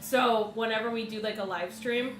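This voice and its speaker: A woman's voice: fairly high pitch, fairly even intonation, normal speed, reverberant, soft background music. A woman co-hosting a game livestream, chatting in a giggly, rambling, jokey way. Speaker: co-host streamer. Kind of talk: casual let's-play chat.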